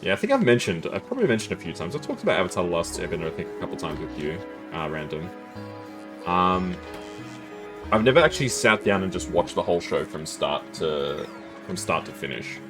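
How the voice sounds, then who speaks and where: Casting: male gaming streamer, low voice that moves lively, rambling chat over faint music. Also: fairly quick. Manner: chatty, rambling, chuckles often. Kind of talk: casual gameplay commentary.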